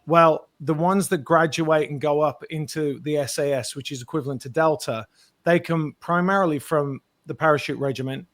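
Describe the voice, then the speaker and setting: A man, an actor guest, telling lively anecdotes in an interview and acting out the quotes. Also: a little high, moderate pace, no echo. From Britain. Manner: animated storyteller, acts out quotes.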